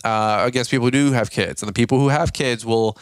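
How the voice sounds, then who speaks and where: A man's voice: mid-range voice, quick pace, smooth, no echo, studio quality. A sleep-deprived man hosting a casual podcast from a home nursery, telling stories with jokes and playful impressions. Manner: joking, animated storytelling with playful impressions. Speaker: podcast host.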